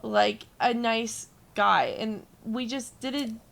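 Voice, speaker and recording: Young female streamer, gravelly, slightly high voice, rambling and profane while she plays. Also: takes it slowly, a bit bright. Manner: rambling storytelling, swears freely, chats with viewers. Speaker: gaming streamer. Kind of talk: casual chat while gaming.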